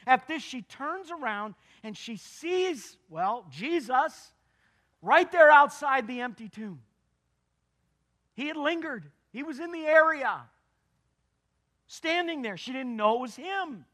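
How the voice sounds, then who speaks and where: A man delivering a sermon with a strikingly high voice. His tone is bright and forceful. He presses each point earnestly and circles back to repeat key phrases for emphasis. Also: expressive, takes it slowly. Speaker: pastor.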